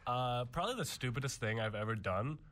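A man co-hosting a casual radio chat, recounting childhood mishaps with easygoing humor. His voice sits at an ordinary middle pitch. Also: expressive, fairly quick, a bit bright. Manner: easygoing storyteller, playful. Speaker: co-host.

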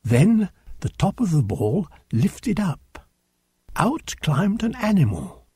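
Male storyteller, slow, husky and gravelly, very lively pitch, dry close sound. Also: no echo. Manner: slow, expressive read-aloud with lively pitch. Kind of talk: storybook reading aloud.

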